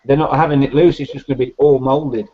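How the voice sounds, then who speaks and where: Man in casual chat, blunt and grumbly, mid pitch, muffled call audio. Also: fairly even intonation, fast talker. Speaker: hobbyist scale modeler on a video hangout. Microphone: video call. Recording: dull lo-fi video call audio.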